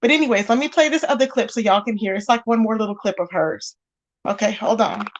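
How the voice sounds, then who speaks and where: A woman's voice: medium pitch, fast, highs cut off, slight background noise. A woman hosting a casual livestream, chatting and greeting viewers by name with pet names. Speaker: livestream host. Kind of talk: casual reaction chat.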